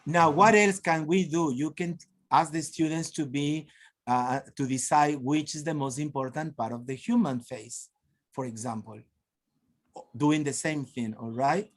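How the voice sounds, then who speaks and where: A man's voice: on the high side, measured pace. A man from Peru presenting a teacher-training webinar over a video call, encouraging and prompting participants. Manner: encouraging, frequent laughs and prompts. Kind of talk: lively workshop teaching.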